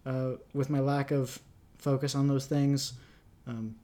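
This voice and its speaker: A man's voice: medium pitch, flat delivery, unhurried, warm tone. Man from rural Canada, young, podcast co-host, casual rambling chat, laughs at himself. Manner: rambling, self-deprecating, laughs often.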